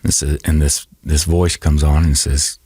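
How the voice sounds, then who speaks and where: Male podcast guest: very low, husky voice, halting personal storytelling full of restarts, close and dry. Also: little pitch movement, mellow, no room sound. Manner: halting, repeats and restarts words.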